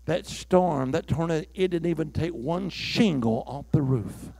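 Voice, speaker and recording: An older man preaching a revival sermon, his fairly high voice rough with gravel. He moves between near-whispered storytelling and shouted calls for the crowd to answer back. The sound is close and dry, with little room around it. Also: no echo. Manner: swings from hushed storytelling to shouted call-and-response; leads the crowd in chants. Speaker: traveling evangelist.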